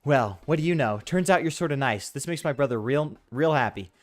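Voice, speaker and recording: A sassy teenage girl who teases her brother with sarcasm and barks orders at her classmates, read aloud by a man in his everyday voice. Her lines swing up and down in pitch. The sound is close and dry, with no room around it. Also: expressive, fairly quick, no room sound, soft background music, lightly acted. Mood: teasing. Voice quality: teasing, sarcastic. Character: sassy teenage girl student, bossy older sister.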